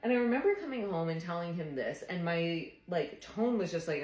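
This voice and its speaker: A woman's voice: fairly low pitch, animated, brisk, hardly any pauses, a little mellow, roomy sound, poor audio. A woman therapist telling a personal story in a casual, earnest, reflective way, often saying "like". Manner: earnest, reflective, frequent "like" fillers.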